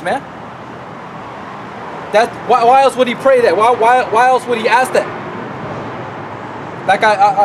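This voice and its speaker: A man's voice: sits high, background noise. A man preaching a sermon outdoors as a street preacher, talking emphatically and repeating himself, often tacking on "man" and "right".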